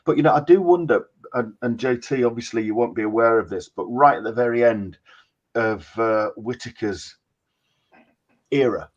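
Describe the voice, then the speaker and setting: A man's voice: medium pitch, moderate pace, dull audio. A man from the UK in a casual chat, scathing and mocking.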